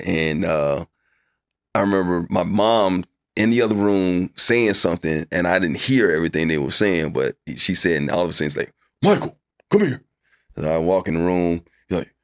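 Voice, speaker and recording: A man speaking as an interview guest, his voice very low and gravelly. He tells his stories candidly and conversationally, slipping into other people's voices when he quotes them. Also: fairly even intonation, normal speed. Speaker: guest, sportscaster. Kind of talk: casual interview storytelling.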